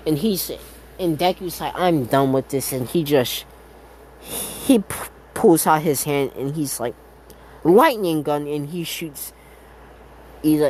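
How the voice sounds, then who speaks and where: A man improvising a fan-fiction tale out loud in a loose, rambling way. He keeps filling gaps with "uh", correcting himself in the middle of a sentence and dropping in casual curses. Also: mid-range voice, slight background noise. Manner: rambling, lots of fillers and self-corrections, casual swearing. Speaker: fan storyteller.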